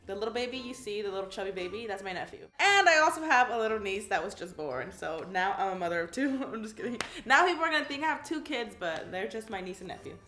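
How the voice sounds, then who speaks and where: A woman's voice: mid-range voice, expressive, fast, few pauses, pushed and bright, echoey room. A woman in her twenties from California, chatting casually and reading questions aloud with a bubbly manner, filling her talk with "like". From California, USA. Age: 20s. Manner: chatty and bubbly, heavy use of "like", giggles at her own answers. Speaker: YouTube crafts creator.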